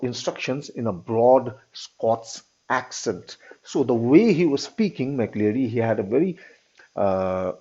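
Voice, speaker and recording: A husky male teacher walks his class through a story, retelling it plainly in his own words and checking in with "all right?". His voice sits at an ordinary pitch. The recording is dull and lo-fi. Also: dark tone.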